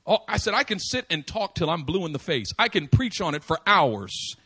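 Male preacher, high voice, bright and forceful tone, dynamic swings between hushed and loud, repeats phrases. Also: big pitch swings, normal speed, husky. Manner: swings from quiet asides to loud, insistent emphasis. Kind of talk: sermon. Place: church service.

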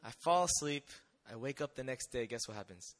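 A young man telling a personal testimony to an audience in a conversational, animated way, often checking in with rhetorical questions. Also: medium pitch, fairly quick. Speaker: missionary speaker.

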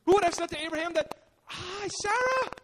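A man's voice: extremely high pitch, lively intonation, fairly quick, fairly bright tone, a little hiss or hum, voice pushed up. A male preacher voicing an elderly woman who exclaims with giddy astonishment at herself.

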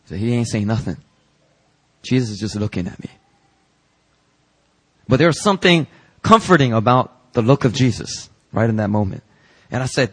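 A man's voice: medium pitch, normal speed, pauses often, slightly rough. Man preaching a personal story. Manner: animated, acts out the dialogue in his story. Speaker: pastor. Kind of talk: sermon storytelling. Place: church sanctuary.

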